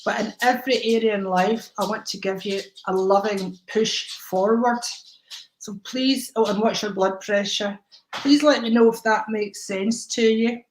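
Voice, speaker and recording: A woman's voice: medium pitch, steady tone, a little slow, slight background noise. A woman gives psychic readings on a live stream in a mid-range voice. She rambles, with ums and restarts, and calls her viewers darling and honey. The room echoes around her.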